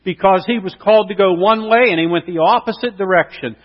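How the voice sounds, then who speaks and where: A man preaches a sermon in a slightly higher voice, building to impassioned, loud peaks on his key points. His voice rings with a long hall reverb. The recording sounds dull and lo-fi. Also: brisk. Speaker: pastor.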